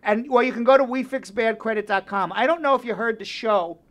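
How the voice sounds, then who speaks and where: A man's voice: very high-pitched, fairly quick, a bit bright. A man hosting a live radio talk show, joking and reading ads with repeated phone numbers.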